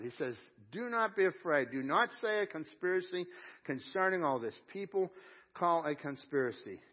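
A man's voice: on the high side, animated, muffled recording. Earnest male pastor preaching a sermon. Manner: earnest preaching, slows down to stress scripture. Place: church sanctuary at a live service.

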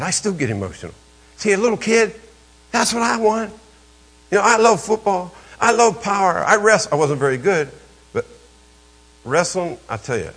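An older man, preaching a storytelling sermon as a pastor, emphatic and jumping suddenly in pitch and volume. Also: fairly bright tone, husky.

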